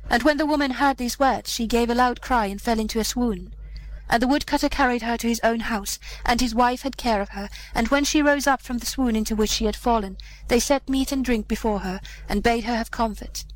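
A woman reading an old fairy tale aloud as narrator, with measured, old-fashioned storytelling. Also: fairly high pitch, a little hiss or hum, low-quality recording.

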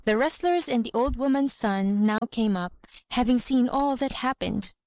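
A woman's voice: on the high side, lively intonation, moderate pace, a little mellow, dry recording. Woman reading a folk tale, dry close sound. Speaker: reader. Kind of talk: storybook reading.

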